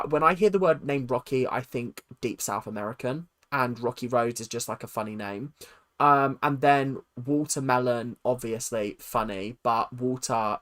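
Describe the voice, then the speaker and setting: A man's voice: mid-range voice, fairly bright tone. A young man hosting a livestream, chatting casually with a rambling, self-deprecating manner that trails off with fillers. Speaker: livestream host.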